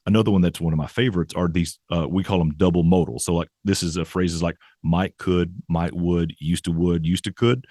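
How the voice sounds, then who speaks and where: A man's voice: low-pitched, fairly even intonation, brisk, few pauses, warm tone, dry recording, studio quality. A man, a professor guest in an interview, explaining ideas thoughtfully with frequent restarts and "right?" tags. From American South.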